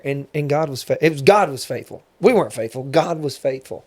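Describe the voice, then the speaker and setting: A man's voice: mid-range voice, lively intonation, brisk, darkish tone. A man hosting a podcast, talking earnestly, repeating key points and checking in with "right?". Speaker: podcast host. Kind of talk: casual interview conversation.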